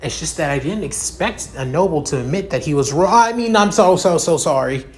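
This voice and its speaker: A man voicing a gentle, timid young male student who speaks nervously and apologetically. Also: a little high, brisk, natural voice. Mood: flustered.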